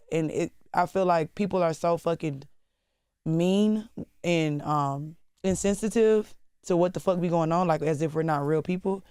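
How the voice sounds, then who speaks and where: A woman's voice: fairly low pitch, smooth, no echo, studio quality. A woman rapper as interview guest, talking candidly in casual chat, swearing freely and turning dramatic at times. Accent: Southern US.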